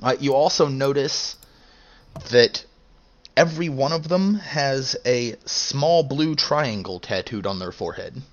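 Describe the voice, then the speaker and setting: Slow, hesitant young male game master. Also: mid-range voice, animated, muffled recording. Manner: slow, hesitant, many fillers. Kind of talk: narrating a tabletop game.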